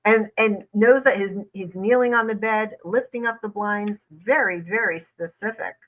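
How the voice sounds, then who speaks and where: Woman lawyer host, bright clear voice, emphatic analysis of interview footage. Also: medium pitch, normal speed, low-quality recording. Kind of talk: commentary reacting to a video.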